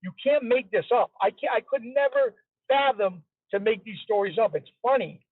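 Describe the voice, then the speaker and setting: A man tells his story as an interview guest, chatty and casual, circling back to repeat his points. His voice sits fairly high for a man. He comes through a tinny, phone-like line with a dry sound and no room echo. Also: moderate pace. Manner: chatty, repeats himself for emphasis.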